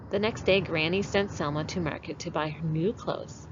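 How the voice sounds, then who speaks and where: A kindergarten teacher, a woman, reading a picture book aloud to children and walking them through it in an expressive way. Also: low-pitched, normal speed. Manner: expressive, animated read-aloud. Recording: dull lo-fi with faint hiss.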